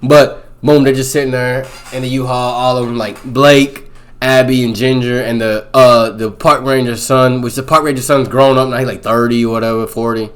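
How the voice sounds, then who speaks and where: A young man retelling a film's story in loose, rambling fashion. His speech is full of slang, with a filler of "boom" dropped between events. His voice sits at an ordinary middle pitch. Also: level tone, moderate pace. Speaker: movie reviewer. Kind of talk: casual movie recap.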